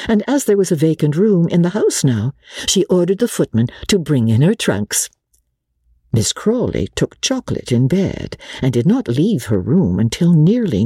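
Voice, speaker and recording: A woman giving an expressive, dramatic audiobook narration of a classic novel. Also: low-pitched, breathy edge, dry recording, clean studio sound.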